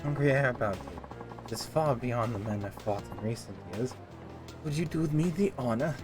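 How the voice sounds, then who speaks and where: Homem imitando velho mestre marcial solene. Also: male voice, medium pitch, moderate pace, over music, natural voice. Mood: solemn. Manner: solemn, preachy, odd put-on accent. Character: old stern male martial arts master.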